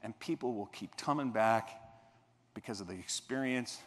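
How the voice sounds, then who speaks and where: A man giving a motivational keynote speech on a convention stage, telling a story and acting out the scenes with bursts of shouting. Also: fairly low pitch, moderate pace. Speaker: keynote speaker. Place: large convention hall stage. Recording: reverberant convention hall.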